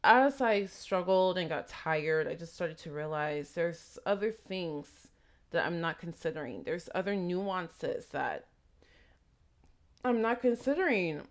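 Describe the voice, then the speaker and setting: A woman talking casually and reflectively in a vlog, with a slight trace of a foreign accent, rambling through asides and questions. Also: on the low side. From immigrant raised in Texas. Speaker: vlogger.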